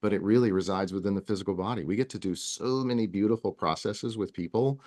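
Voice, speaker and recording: A man with a fairly low, darkish voice talks fast as a wellness guest on a casual podcast interview. He's earnest and rambling, speaking in long runs with many restarts.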